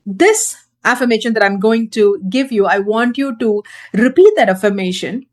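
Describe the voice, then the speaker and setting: Woman, parenting coach, fairly high voice, emphatic teaching, repeats points. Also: moderate pace. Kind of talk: direct-to-camera teaching.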